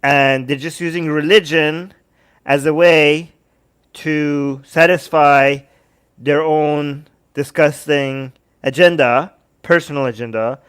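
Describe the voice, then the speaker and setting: Animated man hosting a livestream. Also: fairly high pitch, slow, clear, resonant tone. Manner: animated, sarcastic, talks to chat. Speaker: livestream host. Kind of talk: casual livestream commentary.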